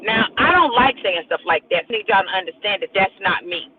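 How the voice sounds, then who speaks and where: A woman's voice: mid-range voice, animated, a little fast. A woman preacher giving an emphatic, repetitive prophetic sermon on a live stream, speaking straight to her viewers. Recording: tinny phone-like audio with faint noise.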